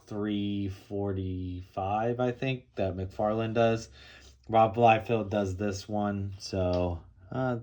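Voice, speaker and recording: A man with a somewhat low voice talks through a pile of comic books in a casual show-and-tell vlog. He rambles easily, often pausing on "um" and "all right" as he goes. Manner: relaxed, rambling, with frequent fillers and "all right". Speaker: comic book collector showing his haul.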